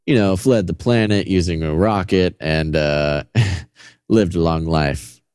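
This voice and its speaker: A man's voice: low-pitched, takes it slowly, a little mellow, clear, resonant tone, no room sound, clean studio sound. A man co-hosting a casual podcast, making sarcastic, wry jokes with bits of laughter. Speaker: podcast co-host. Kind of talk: casual conspiracy-theory chat.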